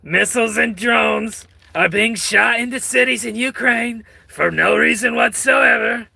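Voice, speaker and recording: A man putting on a raspy, throaty voice to play a blustery older male politician who shouts. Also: very high voice, unhurried, pitched above the performer's own voice, exaggerated voice. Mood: indignant.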